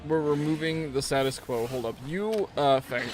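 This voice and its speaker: A man's voice: on the high side, normal speed, over music. A young man streaming a game, telling a story in casual, rambling chat full of slang and restarts.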